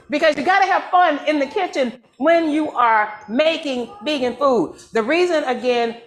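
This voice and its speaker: An excitable woman hosts a live cooking demonstration. She chats straight to her audience, repeats herself and keeps calling out to them. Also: fairly high pitch. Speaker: church cooking demo host.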